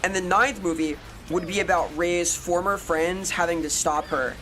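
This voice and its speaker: A woman's voice: lowish voice, normal speed, fairly bright tone, a little hiss or hum. A woman streamer chatting casually with viewers, ranting and swearing with exasperation over faint background music. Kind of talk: casual live-stream chat answering viewers.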